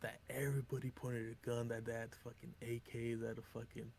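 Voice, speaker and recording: A man of ordinary pitch tells a long story on his stream in a loose, rambling way. He swears constantly and switches into the voices of the people in the tale. A faint noise sits behind him. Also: flat delivery, a little fast, creaky, a little mellow. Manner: profane, rambling, acts out quotes. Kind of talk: casual storytelling on a live stream.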